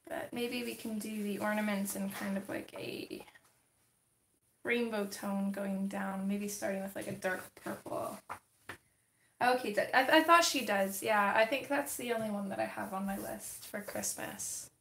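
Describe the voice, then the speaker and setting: A woman's voice: mid-range voice, fairly even intonation, unhurried, fairly bright tone. A woman hosting a casual livestream, chatting to her viewers and talking to her cat. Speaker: livestream host. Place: home desk, indoors. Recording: echoey room with faint noise.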